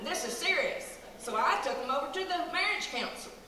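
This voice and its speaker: Crowd noise surrounds a woman doing in-character stand-up, chatty and playful as she tells folksy country comedy stories in a drawl. Her high voice moves briskly with lively intonation. Recorded from far off in a large hall, the sound is echoey and noisy.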